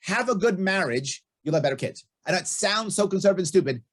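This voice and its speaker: This middle-aged man, guesting on a casual podcast as a libertarian candidate, talks fast in a high, expressive voice. He's emphatic and blunt, repeating what matters most to him.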